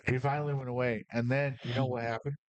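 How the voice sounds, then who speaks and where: A man's voice: mid-range voice, little pitch movement, fast talker, no echo, muffled recording. Rambling, cussing man telling stories. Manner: rambling, profane, fired up. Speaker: podcast host. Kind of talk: casual storytelling.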